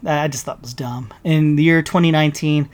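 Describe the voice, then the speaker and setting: A man's voice: fairly high pitch, fairly even intonation, a little fast. A man hosting his own show, delivering a heated, profane, sarcastic solo rant to his listeners. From United States. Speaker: podcast host.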